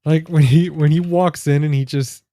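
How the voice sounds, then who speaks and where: An excitable man chatting casually about a comedy film. His voice sits a little high but sounds dark and mellow. The sound is dry and close. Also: normal speed, dry recording. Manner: excitable, laughs while retelling scenes. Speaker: podcast co-host. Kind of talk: casual movie chat.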